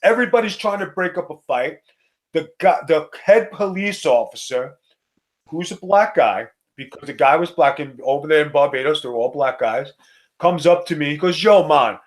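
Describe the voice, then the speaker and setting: A middle-aged man from Staten Island, telling a profane, animated wrestling story in a casual chat. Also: on the high side, normal speed. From Staten Island, New York. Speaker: co-host, former wrestler.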